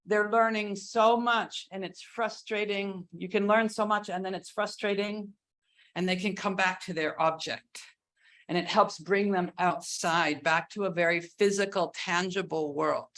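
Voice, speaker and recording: A woman giving a keynote talk on religious education, earnest and deliberate, stretching words for emphasis. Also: mid-range voice, fairly even intonation, fairly bright tone. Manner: earnest, slow, with drawn-out emphasis; sings and acts out cries while teaching. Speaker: keynote speaker.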